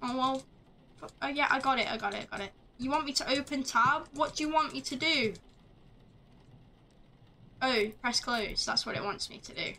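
A woman streaming a game live, chatting along as she plays, swearing freely and shouting at the screen. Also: high voice, moderate pace, pauses often, slight background noise. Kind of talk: live gameplay commentary.

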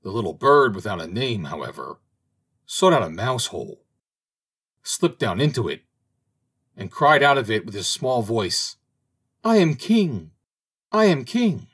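Husky, expressive male storybook reader. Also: lowish voice, normal speed, pauses often. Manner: expressive, dramatic reading. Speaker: audiobook reader. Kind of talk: storybook narration.

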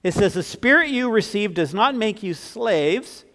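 A man in his sixties preaching a sermon as pastor, earnest, swinging from emphatic to soft and tender. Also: high-pitched, animated, measured pace. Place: church sanctuary. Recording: long church reverb.

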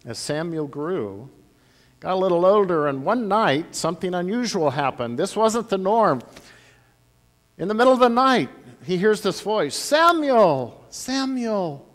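A man pastor telling a Bible story to children in a church, animated, with big swings in loudness. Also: high voice, normal speed. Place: church sanctuary. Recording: long church-hall reverb.

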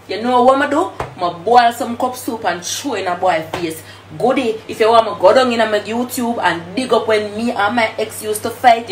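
A young adult woman with a Jamaican accent, mocking and laughing in a sing-song live-stream rant. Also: medium pitch. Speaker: social media personality. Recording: echoey room with faint noise.

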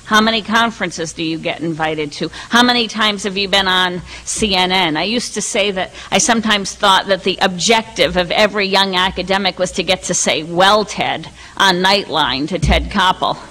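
A middle-aged woman reading a prepared academic lecture at a colloquium, measured and deliberate, with occasional restarts. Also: lowish voice, bright, forceful tone, rough recording. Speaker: colloquium speaker.

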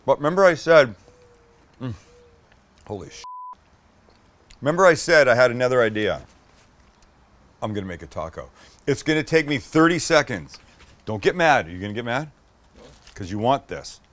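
A man's voice: medium pitch, big pitch swings, normal speed, long pauses, fairly bright tone. A middle-aged man hosting a casual cooking demo, enthusiastic and swearing as he tastes his food on camera. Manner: enthusiastic, swears, talks to camera while eating. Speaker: cooking show host.

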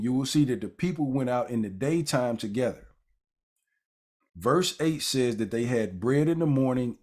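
Here a man with a medium-pitched, slightly mellow voice teaches the Bible in a relaxed, conversational way. He strays into casual asides, using fillers and restarting sentences, and then reads scripture out loud, leaning on key words.

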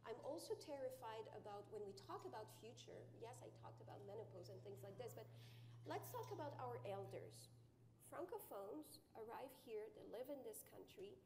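Earnest woman, halting speech. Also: a little high, expressive, darkish tone, a little hiss or hum. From francophone immigrant. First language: French. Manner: earnest, halting, searching for words. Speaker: panelist. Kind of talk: conference panel talk. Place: conference hall.

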